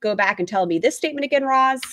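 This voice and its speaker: This livestream host speaks fast in a fairly high, expressive, somewhat bright voice. She reads aloud a written statement along with chat messages from viewers, reacting bluntly and cursing casually.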